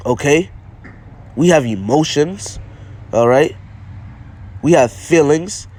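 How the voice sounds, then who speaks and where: A man's voice: a little high, expressive, slow, a little mellow. A man giving an informal sermon, reading old-style scripture aloud and explaining it in plain speech, often checking in with "all right?". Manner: repetitive, punctuates with "all right?"; reads scripture in King James English, then explains plainly. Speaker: preacher.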